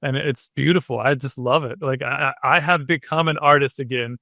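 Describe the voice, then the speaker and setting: Bright-voiced man telling stories, emotional. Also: medium pitch, steady tone, fairly quick, creaky, no echo, clean studio sound. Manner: rambling, emotional, many fillers. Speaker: guest, cartoonist. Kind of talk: casual interview chat.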